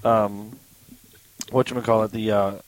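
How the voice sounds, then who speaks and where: A man chatting casually as a podcast co-host, excitable and often groping for words. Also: lowish voice, measured pace, low-quality recording. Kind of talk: casual chat.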